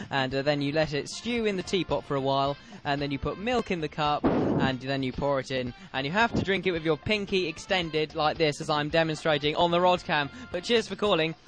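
A young British man hosting a comedy radio quiz, teasing and mock-insulting his callers with frequent laughs. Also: fairly high pitch. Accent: British English. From Britain. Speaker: radio show host.

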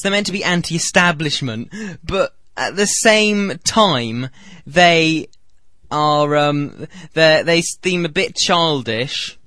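A man's voice: sharp tone, no echo. A man hosting a comedy radio show, rambling through a mocking story and slipping into silly voices. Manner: mocking, breaks into silly high put-on voices.

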